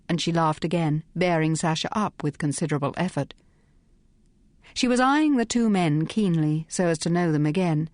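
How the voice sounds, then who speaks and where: Woman audiobook narrator, lower voice, brisk and wry, dry studio sound. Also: lively intonation, a little mellow, no echo. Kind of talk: scripted narration.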